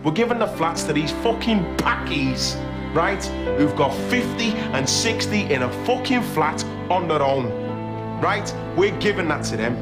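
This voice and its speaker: An actor playing a volatile, menacing skinhead ringleader in a film, ranting aggressively with heavy swearing, with music underneath. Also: male voice, high voice. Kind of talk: film drama acting.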